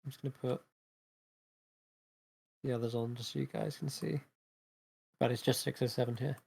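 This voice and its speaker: A man's voice: mid-range voice, fairly even intonation, normal speed, creaky, darkish tone, breathy edge. A man narrating a tabletop game as game master in a casual, rambling way.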